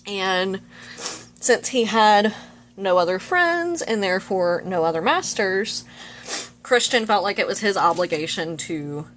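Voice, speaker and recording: A woman's voice: medium pitch, expressive, measured pace, fairly bright tone. A woman vlogger casually retelling a film's plot while getting ready, chatty and full of "like" and "you know". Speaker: vlogger reviewing a movie.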